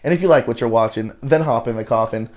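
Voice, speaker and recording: A man hosts a casual recap of a reality show. He rambles in a loose, profane way and leans on fillers. His voice sits at an ordinary middle pitch. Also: fast, darkish tone. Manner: loose, profane, heavy on "you know" fillers.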